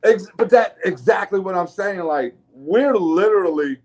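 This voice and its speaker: A man's voice: high-pitched, lively intonation, moderate pace, a little mellow. A man with a New Orleans accent hosting a casual podcast, talking loosely, laughing and swearing freely with frequent restarts. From New Orleans area. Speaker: podcast host.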